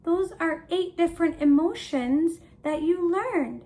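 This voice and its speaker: A woman teaching a language lesson for toddlers, talking slowly and playfully while acting out feelings. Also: extremely high pitch, animated, dark tone. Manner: slow, playful, exaggerated emotions for kids.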